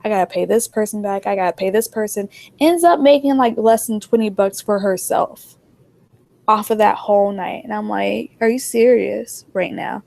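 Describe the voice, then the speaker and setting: A woman's voice: mid-range voice, moderate pace, vocal fry. A young woman telling a story in casual chat, animatedly acting out what everyone said. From New Jersey. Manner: animated, acts out dialogue.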